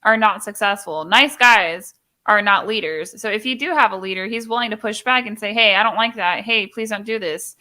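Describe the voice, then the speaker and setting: A woman's voice: mid-range voice, normal speed, sharp tone. A young woman hosting a casual live stream chat, talking in an emphatic, opinionated way and acting out little quoted exchanges.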